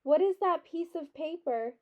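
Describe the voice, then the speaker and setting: A woman voicing a solemn, wordy young boy from a storybook, speaking gently, on a dull lo-fi recording. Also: very high voice, expressive, a little slow, voice pushed up. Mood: gentle. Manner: earnest, gentle.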